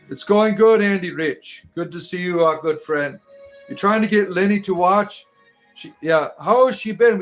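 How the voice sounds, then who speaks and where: A man hosting a casual livestream, joking as he reads and answers chat messages and often adding "right?". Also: high voice. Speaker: livestream host reading chat.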